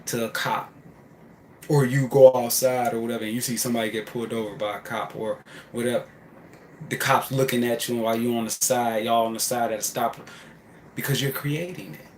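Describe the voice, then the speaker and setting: A man's voice: medium pitch, steady tone, a little fast, a little hiss or hum. Emphatic man preaching in an echoey room. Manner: repetitive and emphatic, shifts between loud outbursts and hushed asides. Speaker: spiritual speaker. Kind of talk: preaching monologue. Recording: echoey room with faint ambience.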